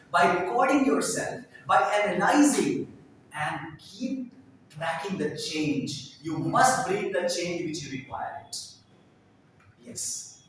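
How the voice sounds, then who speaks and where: A man's voice: sits high, a bit bright, a little hiss or hum. Man teaching in an echoey room. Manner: demonstrative, repeats drills and tongue twisters. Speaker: English teacher. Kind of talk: spoken English lesson. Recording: echoey room, mic far off.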